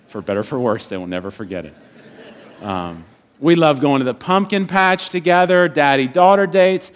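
A man preaching a sermon as a pastor, swinging between loud bursts and quiet, hushed passages. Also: on the high side, normal speed.

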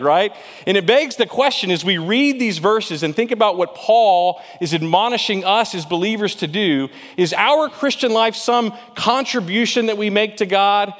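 A man's voice: sits high, moderate pace, fairly bright tone, long reverb tail. A man preaching a sermon in a conversational way, asking rhetorical questions and often repeating words as he goes. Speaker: pastor.

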